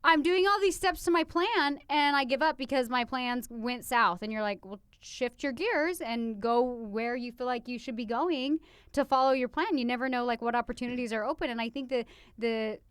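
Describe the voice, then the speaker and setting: Blunt woman podcast cohost in her 30s, high smooth voice, swears a lot, dry close mic. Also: normal speed, no room sound. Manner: blunt, swears freely, acts out her texts in chirpy voices. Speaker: podcast co-host. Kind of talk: casual chat.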